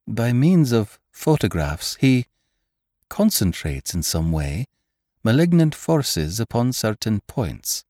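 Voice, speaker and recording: A man's voice: lowish voice, very animated, takes it slowly, dark tone, dry recording, studio quality, pitched above the performer's own voice. A man voicing an earnest, eager young man in an audiobook reading. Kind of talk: audiobook character voice.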